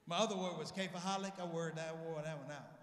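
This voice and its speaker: A man performing stand-up on a convention stage, telling animated family stories and acting out his relatives. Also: on the high side, fast, a little hiss or hum. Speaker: stand-up comedian. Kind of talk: stand-up comedy set. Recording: echoey hall.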